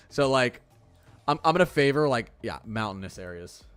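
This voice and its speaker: Excitable young male weather streamer. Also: mid-range voice, normal speed, smooth, soft background music. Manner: chatty, excitable, heavy use of "like". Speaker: weather livestream host. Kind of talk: casual live-stream chat.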